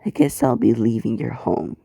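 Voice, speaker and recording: A man voicing a cold, menacing teenage boy with dark powers, who speaks low, quietly and with scorn. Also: huge pitch swings, moderate pace, vocal fry, dry recording, studio quality, heavily acted. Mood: scornful.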